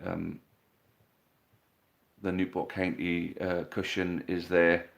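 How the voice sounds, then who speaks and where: A man's voice: sits low, level tone, slow, gravelly. A man hosting a casual live stream from home, chatting, reading out viewer questions and teasing them, recorded on a phone on a tripod. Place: living room at home.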